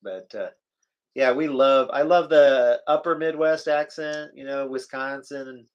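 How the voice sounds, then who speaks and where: Heard through lo-fi sound, a man from the US West Coast with a mid-range voice speaks at a measured pace. He co-hosts a casual live chat stream, chatting, joking, and reading viewers' comments aloud.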